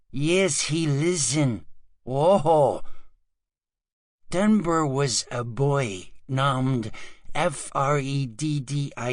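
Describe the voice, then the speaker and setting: A man narrating an audiobook in a halting, sing-song, childlike manner with close studio miking. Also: medium pitch, no room sound.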